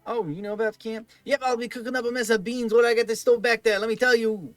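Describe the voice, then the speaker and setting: A man's voice: sits high, very fast, darkish tone, no room sound, soft background music, lightly acted. A man voicing a cheerful hobo man in a video game, talking in a folksy, chummy way.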